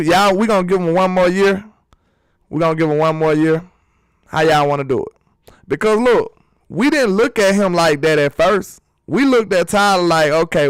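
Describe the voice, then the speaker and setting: A man's voice: on the high side, clean tone, no room sound, clean studio sound. A man hosting a sports channel in a casual live-stream chat, talking loosely and reading viewers' comments aloud.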